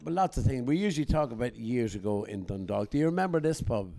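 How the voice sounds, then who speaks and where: A man's voice: mid-range voice, fast talker, vocal fry. An older Irish man hosting a podcast, telling jokes and acting out the people he quotes. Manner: animated joke-teller, acts out quotes. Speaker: podcast host. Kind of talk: casual storytelling chat.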